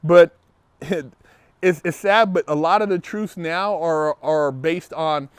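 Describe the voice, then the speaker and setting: A man's voice: a little high, slow, smooth, dry recording. A man hosting a show, answering viewer comments in an emphatic, opinionated monologue, repeating words when fired up. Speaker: show host. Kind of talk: casual monologue responding to comments.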